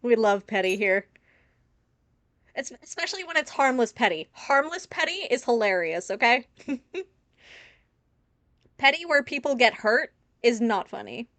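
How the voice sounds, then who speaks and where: A woman commenting on a game during a live stream, wandering into tangents with frequent giggles. Her voice is somewhat high and the sound is dry and close. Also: animated, unhurried, long pauses, a bit bright, dry recording. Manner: rambling, giggly, chatty tangents. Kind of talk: casual live gameplay commentary.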